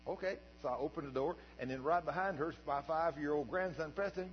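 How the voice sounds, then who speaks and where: An older man preaching as a pastor, telling a story in a folksy, animated way that swings from quiet asides to shouts. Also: on the high side, quick pace, few pauses. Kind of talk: sermon storytelling. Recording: dull recording with long hall reverb and mains hum.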